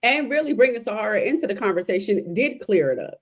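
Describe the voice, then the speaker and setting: A woman's voice: medium pitch, quick pace. Laid-back woman recapping scenes. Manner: relaxed storytelling with fillers, retells scenes. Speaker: podcast co-host. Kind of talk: casual recap chat.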